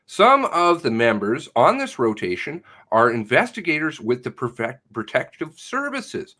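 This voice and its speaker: A man's voice: medium pitch, wildly swooping pitch, measured pace, hardly any pauses, sharp tone. A man giving a sarcastic, ranting livestream commentary, mocking the police in put-on voices. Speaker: online commentator.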